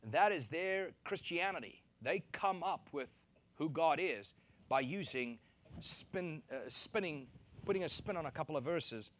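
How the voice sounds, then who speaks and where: A man preaching a sermon, animated, acting out quoted voices to mock them and laughing between his points. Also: a little high, a little slow. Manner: animated, acts out mocking quotes.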